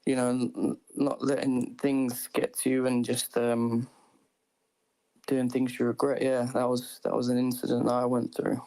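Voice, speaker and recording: A man's voice: medium pitch, completely flat delivery, normal speed, dark tone, rough recording. Rambling man telling a story. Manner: rambling, with many restarts and quoted speech. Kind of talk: casual storytelling on a live chat.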